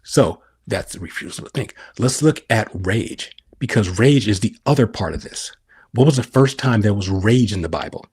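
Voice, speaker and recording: A man's voice: fairly low pitch, animated, moderate pace, darkish tone, breathy edge. A middle-aged man on a podcast explaining scripture, asking and answering his own questions. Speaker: podcast guest.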